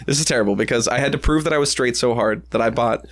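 A man's voice: mid-range voice, fast talker. A man from New Hampshire hosting a podcast, bantering casually with jokes and frequent swearing. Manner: joking and animated, swears freely. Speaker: podcast host.

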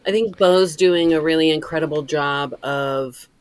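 A woman's voice: deep voice, unhurried, clean tone. A woman talking in a casual interview about running a theater, rambling and laughing often. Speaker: deputy director.

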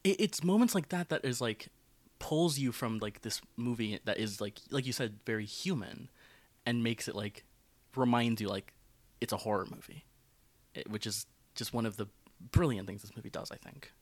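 A man's voice: mid-range voice, normal speed, no room sound. A man co-hosting a casual film podcast, talking in rambling runs full of fillers and restarts. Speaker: podcast co-host.

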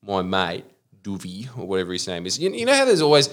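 A young Australian man on a casual podcast, telling a story with lots of swearing and loud acted-out quotes. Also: lowish voice, rapid-fire. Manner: animated storyteller, swears, acts out quotes in loud put-on voices. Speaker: podcast host.

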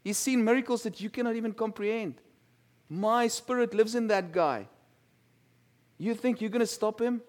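A man's voice: high voice, normal speed, a little mellow, lightly acted. A male preacher playing God as an amused, all-powerful figure, firing incredulous, mocking questions from heaven. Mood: scoffing.

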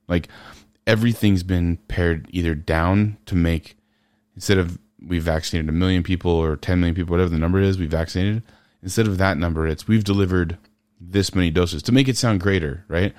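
Deep-voiced man ranting on a podcast. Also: steady tone, fairly quick, darkish tone, dry recording. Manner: ranting, sarcastic, rhetorical questions. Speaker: podcast host. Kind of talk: casual commentary rant.

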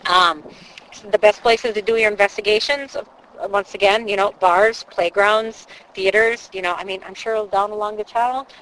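A woman explaining paranormal investigation in a chatty, animated way, talking outdoors by a channel. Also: mid-range voice, normal speed, poor audio. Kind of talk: casual explanatory chat.

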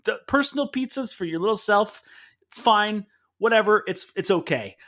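A man's voice: high-pitched, lively intonation, moderate pace, fairly bright tone. A man co-hosting a podcast, sharing opinions with casual enthusiasm. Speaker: podcast co-host.

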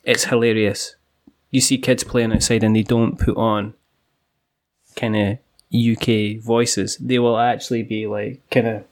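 A man's voice: lowish voice, level tone, a little slow. A man, from the UK, chatting as a podcast host in a rambling, laughing way. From United Kingdom. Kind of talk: casual podcast chat.

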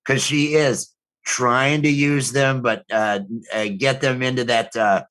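A man's voice: mid-range voice, fairly even intonation, measured pace, a bit bright. A middle-aged man co-hosting a podcast, telling rambling, profane family stories in casual chat with lots of restarts. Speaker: podcast co-host.

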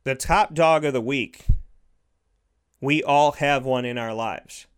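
A man's voice: mid-range voice, slow pace, clean tone. A man giving an earnest, heartfelt motivational monologue, repeating his points for emphasis.

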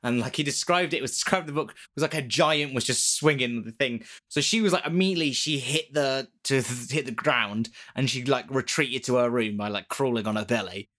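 A man casually retelling a ghost story on a podcast, rambling and animated, swearing and laughing often. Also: mid-range voice, brisk, hardly any pauses. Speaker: podcast co-host.

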